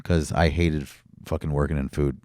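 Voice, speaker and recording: A man's voice: a bass voice, fairly even intonation, moderate pace, a little mellow, dry recording. A man, a comedian telling rambling, profane stories as a guest on a casual podcast. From Brooklyn, New York.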